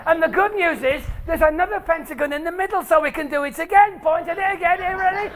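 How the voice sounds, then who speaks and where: A man's voice: very high voice, quick pace, few pauses, a bit bright, a little hiss or hum. A man from England, presenting a jokey maths show to a family audience in a lecture hall. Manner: playful, jokey, teasing the crowd. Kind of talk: lively talk to a family audience.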